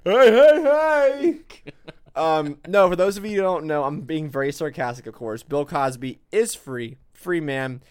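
A man's voice: fairly high pitch, moderate pace, few pauses, clean tone, dry recording, studio quality. A man co-hosting a casual political podcast, rambling and sarcastic, with many restarts and fillers. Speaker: podcast co-host.

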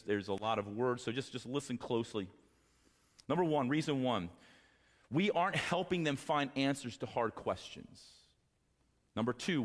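A male pastor preaching a sermon to fathers, impassioned, moving from quiet talk to raised exhortation. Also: mid-range voice, big-room sound. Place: church sanctuary.

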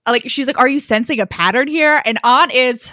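A woman's voice: high-pitched, moderate pace, bright, forceful tone, dry recording. A woman chatting casually as a podcast co-host, blunt and sardonic, swearing freely as she recaps a story. She acts out the characters' lines as she goes. Her voice is recorded dry and close, with no room sound. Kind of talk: casual chat.

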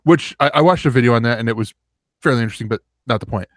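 A man's voice: mid-range voice, rapid-fire, no room sound, clean studio sound. A man co-hosting a podcast, telling a long rambling story in casual chat and acting out the quotes. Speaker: podcast co-host.

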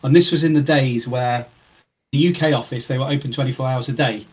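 A man co-hosting a casual gaming podcast, an animated storyteller who swears freely. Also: medium pitch, a little fast, low-quality recording. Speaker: podcast co-host. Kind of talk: casual chat.

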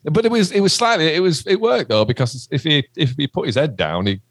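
A man's voice: fairly high pitch, animated, fairly quick, dry recording. A middle-aged man, a musician chatting casually in an interview, rambling and swearing. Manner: chatty, rambling, swears, says "do you know what I mean". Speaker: musician guest.

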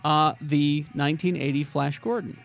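Gravelly-voiced man hosting a podcast. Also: a little high, steady tone, normal speed. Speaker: podcast host. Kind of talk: casual podcast chat.

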